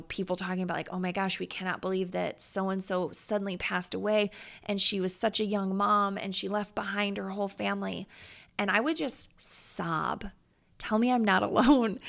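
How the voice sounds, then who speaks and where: A woman's voice: medium pitch, gravelly, fairly bright tone. A woman in her thirties hosting a motivational podcast, talking to listeners in an earnest, confiding way that turns emotional. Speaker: podcast host.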